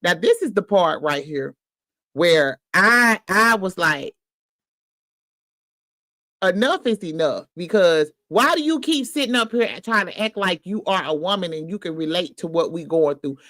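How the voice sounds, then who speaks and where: A woman hosting a reaction livestream, teasing and swearing in quick, animated bursts of casual commentary. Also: on the low side, dry recording, studio quality.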